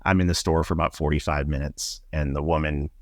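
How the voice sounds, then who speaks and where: Middle-aged guy with a super low voice, thoughtful, lots of ums, dry close sound. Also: steady tone, dry recording. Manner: reflective, halting, with many fillers. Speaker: podcast guest. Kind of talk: personal storytelling in an interview.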